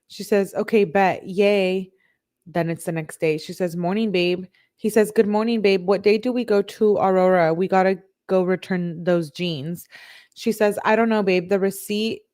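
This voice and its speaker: A woman who hosts a true crime channel, reading text messages aloud on a live stream. She reads the quoted messages in a flat way and breaks off to talk with her chat. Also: medium pitch.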